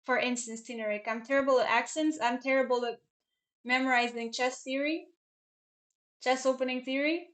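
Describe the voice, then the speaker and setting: Young female chess streamer, fairly high voice, loose rambling chat with viewers. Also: fairly even intonation, moderate pace, a bit bright. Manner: chatty, rambling, answers chat questions. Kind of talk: casual live-stream chat.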